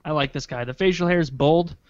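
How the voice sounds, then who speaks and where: A man's voice: fairly high pitch, fast talker, no echo, muffled recording. A man co-hosting a casual video reaction chat, joking and quoting lines in funny voices. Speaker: podcast co-host reacting to videos.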